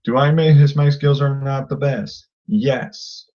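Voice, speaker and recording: A man's voice: mid-range voice, steady tone, unhurried, dark tone, dull audio. A man ranting angrily at a critic, combative and insulting, often repeating himself. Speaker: vlogger. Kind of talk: angry rant to camera.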